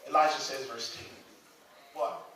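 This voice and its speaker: High-voiced preacher in an echoey church. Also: male voice, animated, normal speed, bright, forceful tone, slight background noise. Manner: repetitive, stammering restarts, talks to the congregation. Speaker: pastor. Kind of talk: sermon. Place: church sanctuary. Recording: echoey sanctuary, distant mic.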